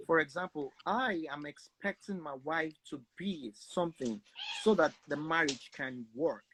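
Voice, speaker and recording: A man hosting a podcast, asking questions in a halting, think-aloud way. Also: on the high side, fairly bright tone, slight background noise, low-quality recording. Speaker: podcast host. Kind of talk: casual podcast interview.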